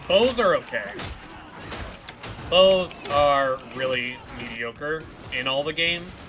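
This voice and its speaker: A man's voice: a little high, lively intonation, slow. Profane, rambling male game streamer. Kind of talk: casual chat while gaming. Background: game music.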